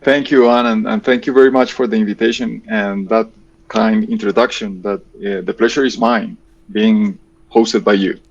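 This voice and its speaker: A man's voice: fairly low pitch, fairly even intonation, moderate pace, dull audio. A man in his fifties with a Colombian Spanish accent, answering interview questions hesitantly and repeating words as he thinks. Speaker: guest, engineering professor.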